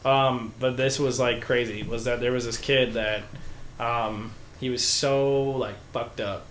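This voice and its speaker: A man's voice: mid-range voice, fairly even intonation, a little slow, fairly bright tone, slight background noise. A young man, a podcast guest, telling a wild story casually, swearing freely and acting out the voices of the people in it. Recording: echoey room.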